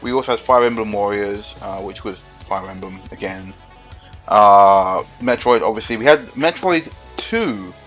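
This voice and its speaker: A man's voice: lowish voice, a little slow, fairly bright tone, faint music behind. A man co-hosting a gaming podcast, rambling and joking in casual chat with lots of fillers. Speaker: podcast co-host.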